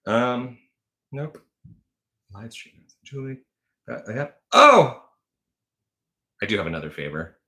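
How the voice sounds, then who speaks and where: A man's voice: mid-range voice, huge pitch swings, slow, long pauses, pushed and bright. A man hosting a casual livestream, telling rambling stories full of fillers and self-corrections. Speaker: livestream host.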